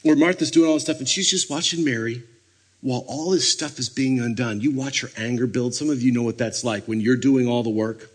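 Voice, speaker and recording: A man preaching a sermon, telling stories with lively energy and acting out scenes. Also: mid-range voice, fairly quick, breathy edge. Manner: animated storytelling, acting out scenes.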